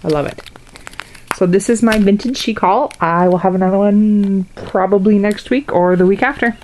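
A woman's voice: medium pitch, moderate pace, a little mellow, rough recording. A young woman chatting casually in a haul video, gushing and reacting as she sniffs and shows each item. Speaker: vlogger showing a wax haul.

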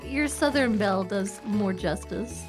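A woman guest on a game stream, chatting and joking casually with the host. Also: over music. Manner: joking, drawn-out, wildly swinging pitch.

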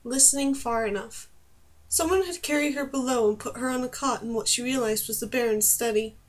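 A woman's voice: fairly high pitch, brisk. A woman reading a novel chapter aloud as an audiobook, lifting her voice for the characters' emotional lines. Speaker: audiobook reader. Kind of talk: scripted narration.

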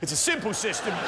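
A man doing stand-up with a bombastic, shouting delivery that swings widely up and down in a fairly high voice. The recording is noisy, with a loud audience reacting around him. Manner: bombastic, shouting, lively crowd work. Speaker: stand-up comedian. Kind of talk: stand-up comedy routine.

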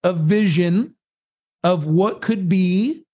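A man as a guest on a live video chat, talking about coaching in a lively, storytelling way and acting out voices in his quotes. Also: high voice, slow. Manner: animated storyteller who acts out voices in quotes. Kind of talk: conversational coaching talk. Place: live social media video conversation.

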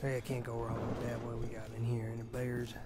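A man's voice: mid-range voice, monotone, brisk, lightly acted. A man voicing a crude, dim-witted man poking around a derelict house, rambling and muttering vulgar remarks to himself as a comedic game parody voice-over. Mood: grumbling. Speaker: comedic dub voice. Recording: game ambience noise behind the voice.

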